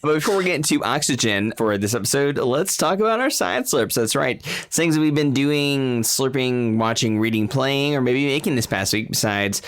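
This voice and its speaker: A man's voice: mid-range voice, expressive, moderate pace, hardly any pauses. Rambling goofy male podcast co-host. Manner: rambling, lots of fillers, goofy. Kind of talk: casual movie podcast banter.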